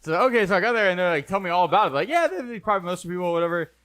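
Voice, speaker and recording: Fast, animated man telling a story. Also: sits high, smooth. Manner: rambling storyteller, quotes people in animated bursts. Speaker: podcast host. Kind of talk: casual chat.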